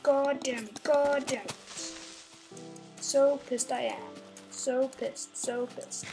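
High, slow-talking woman at play. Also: poor audio. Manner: grumbling and swearing, talking to in-game animals. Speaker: gameplay channel host. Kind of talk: let's play commentary.

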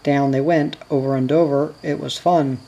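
A reader calmly reading a children's novel aloud in measured storytelling. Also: mid-range voice, creaky, muffled recording. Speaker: audiobook reader.

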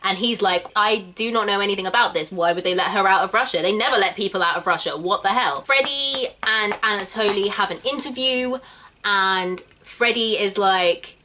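A woman's voice: medium pitch, a little hiss or hum. A woman hosting a casual chat, animatedly retelling a musical's plot and acting out the characters. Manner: animated, acts out characters in quick voices. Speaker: channel host explaining a musical.

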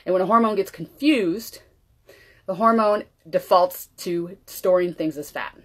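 A woman's voice: lowish voice, a little slow. Chatty woman vlogging in her kitchen. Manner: chatty, loose and conversational. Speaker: wellness vlogger. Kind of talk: casual cooking demo chat.

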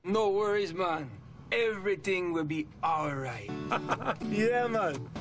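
A man plays a carefree office worker with a put-on Jamaican accent, his voice riding high and slow. Guitar music rolls under him in this ad recording. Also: expressive, fairly bright tone, heavily acted. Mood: easygoing. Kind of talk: ad voice acting.

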